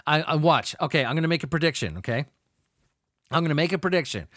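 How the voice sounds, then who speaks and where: A man's voice: a little high, animated, quick pace, a bit bright, dry recording, studio quality. A man hosting a podcast, reading crime news aloud and ranting about it in a crude, laughing, profane way. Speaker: podcast host. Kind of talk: profane comedic news commentary.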